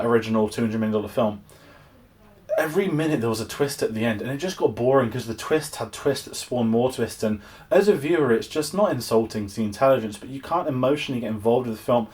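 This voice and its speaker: A man's voice: mid-range voice, fast, darkish tone. Exasperated English man reviewing a film. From England. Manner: exasperated, rambling with frequent restarts. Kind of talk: casual spoken film review.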